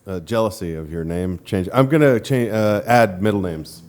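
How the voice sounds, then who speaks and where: A man's voice: lowish voice, lively intonation, moderate pace, a little mellow. A man who is a player in a tabletop game, chatting casually with rambling jokes. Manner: joking, rambling. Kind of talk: casual chat.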